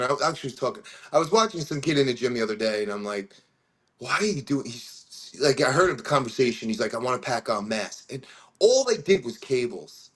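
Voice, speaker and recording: A man co-hosting a live podcast, chatting playfully and telling gym anecdotes in a relaxed way. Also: mid-range voice. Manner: playful, does quick voices in stories. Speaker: podcast co-host. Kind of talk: casual chat.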